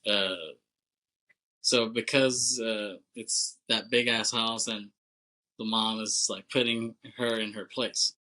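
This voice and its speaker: A man co-hosting a podcast, recapping a film plot in a loose, chatty way, full of "like", quick laughs and casual swearing. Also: lowish voice, little pitch movement, sharp tone, low-quality recording. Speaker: podcast co-host.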